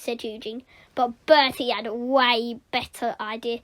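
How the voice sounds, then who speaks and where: A woman reading a children's book aloud with lively, expressive storytelling. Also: on the high side, measured pace. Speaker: storybook reader.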